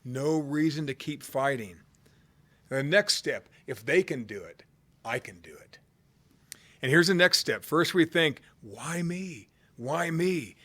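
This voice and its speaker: A man preaching a sermon in a conversational way, swinging from loud cries to hushed low tones. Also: animated, measured pace, pauses often. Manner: conversational, with fillers and restarts.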